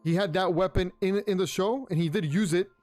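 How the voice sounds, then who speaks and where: Young guy with a high voice rambling on a podcast, lots of restarts, faint music under it. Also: fairly quick. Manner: rambling, restarts often, excitable asides. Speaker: podcast host. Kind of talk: casual review chat. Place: home room.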